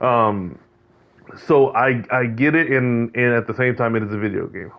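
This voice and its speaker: A man's voice: mid-range voice, normal speed. A man talking casually about a football video game, rambling with many fillers and restarts. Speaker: host of a video game league check-in. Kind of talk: casual commentary monologue. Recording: dull lo-fi sound.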